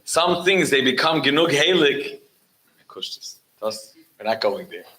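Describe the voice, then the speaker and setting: Speaking as guest rabbi at a religious gathering, a man with a mid-range voice tells stories a little slowly, often starting sentences over. His animated telling is sprinkled with Yiddish and Hebrew, though the audio is poor.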